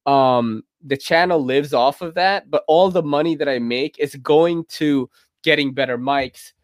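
A drunk man hosts a loose podcast chat, rambling and cursing as he talks to his listeners. His voice sits a bit high, and the sound is close and dry. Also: a little slow, no echo. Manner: rambling, laughing, swearing. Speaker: podcast host.

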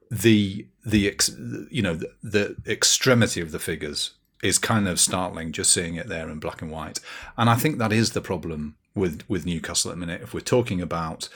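A man with a low, deep voice hosts a casual football podcast. He talks in a rambling way, hesitating often and restarting his sentences. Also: slightly rough. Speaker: podcast host.

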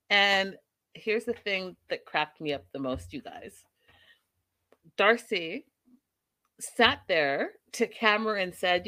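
Recapping and reviewing reality TV, this host talks at a medium pitch, slowly and with long pauses, yet stays animated, laughing as she acts out quotes. The recording is dry.

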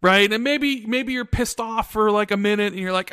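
Rambling high-voiced man on a dry mic. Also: expressive, a little slow, few pauses, bright, forceful tone, smooth, no echo. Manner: rambling storyteller, restarts often. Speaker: podcast co-host. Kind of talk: casual chat.

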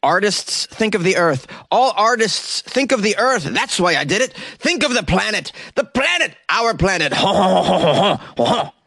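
A man voicing an excitable male French protester in an exaggerated mock French accent, cackling between slogans. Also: high-pitched, normal speed, gravelly, hardly any pauses, no echo, clean studio sound, pitched above the performer's own voice, heavily acted. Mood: manic.

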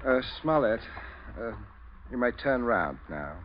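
Radio villain, genteel and chuckling; animated delivery, faint hiss. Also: male voice, mid-range voice, unhurried. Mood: menacing. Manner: smooth, chuckling, politely threatening. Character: genteel, coldly menacing husband and father. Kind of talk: 1940s radio acting. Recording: dull old radio recording.

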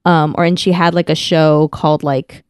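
A woman's voice: low-pitched, flat delivery, normal speed, clean tone, no echo, studio quality. A woman co-hosting a podcast, chatting casually, telling a rambling story with lots of "like" and restarts. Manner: chatty storyteller, heavy use of "like", frequent restarts. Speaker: podcast co-host. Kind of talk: casual chat.

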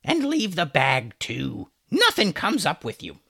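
A man voicing a brash, swaggering female pirate who yells and taunts, read aloud from a storybook. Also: a little high, huge pitch swings, a little slow, vocal fry, breathy edge, no echo, studio quality, pitched above the performer's own voice, heavily acted. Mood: taunting. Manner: taunting, loud yelling.

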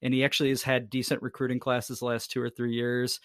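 A man in his thirties rambles through casual sports talk on a podcast, swearing freely and poking fun at himself. His voice sits at an ordinary middle pitch. The sound is close and dry, with no room in it. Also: completely flat delivery, fast, fairly bright tone, clean tone, no room sound. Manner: rambling, profane, self-deprecating jokes. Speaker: podcast co-host.

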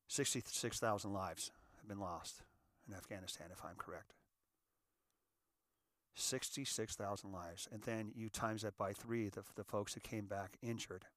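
A middle-aged American man, a volunteer fire captain, delivers an impassioned monologue, repeating key phrases and speaking directly to the audience. His voice sits on the low side with a fairly bright tone, recorded at studio quality with no room sound.

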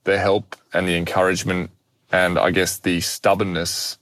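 Deep-voiced man telling a story. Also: normal speed. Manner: animated, self-deprecating storyteller. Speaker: guest speaker. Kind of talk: personal storytelling in conversation.

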